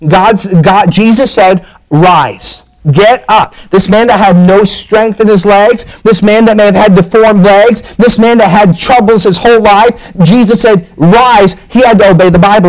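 A man's voice: high voice, measured pace, hardly any pauses, poor audio. A man preaching a fervent sermon as pastor, repeating words and quoting scripture.

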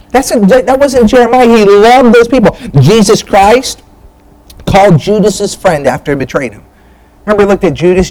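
Male pastor, slightly high voice, lively sermon delivery full of asides. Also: low-quality recording. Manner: animated preaching with joking asides and restarts.

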